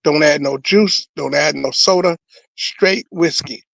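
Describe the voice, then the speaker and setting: A man's voice: fairly high pitch, measured pace, vocal fry, fairly bright tone, dry recording, voice pushed down, exaggerated voice. A man putting on the voice of a blunt, matter-of-fact older female counselor.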